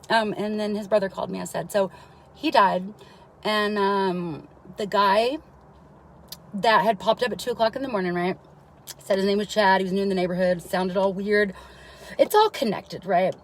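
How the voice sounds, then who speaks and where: Woman telling a story in a rambling, animated way. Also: medium pitch, normal speed, long pauses, slight background noise, poor audio. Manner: keeps checking in with listeners by asking "right?". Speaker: mother. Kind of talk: live-streamed personal account.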